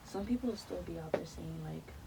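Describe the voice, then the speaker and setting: A teenage girl from Nigeria telling stories in a casual group discussion, gently wry. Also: lowish voice, fairly quick, gravelly. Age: teens. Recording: distant mic with background noise.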